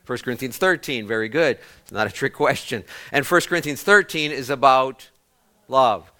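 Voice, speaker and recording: A man's voice: medium pitch, normal speed, bright, forceful tone. Man preaching a story-filled sermon. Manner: storytelling, stops and restarts words, asks the congregation questions. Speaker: pastor.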